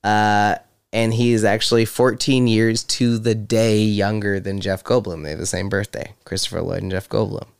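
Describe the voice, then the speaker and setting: A man with a low, smooth, resonant voice, talking casually as a podcast co-host. He shares movie trivia in a relaxed way, chuckling often. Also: normal speed. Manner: chatty, trivia-sharing, laughs often. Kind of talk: casual chat.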